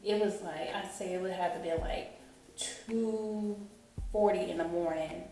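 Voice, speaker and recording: A woman tells an emotional personal story in a rambling storytime vlog, often saying "you know what I'm saying." Her voice is on the low side, steady, a little slow, and dark, recorded in an echoey room on a distant mic with faint music.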